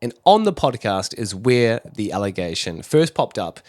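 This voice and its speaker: A man's voice: fairly low pitch, sing-song, moderate pace, darkish tone, no echo, clean studio sound. A man talking casually to camera, explaining online drama with rambling, self-deprecating asides. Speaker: commentary YouTuber.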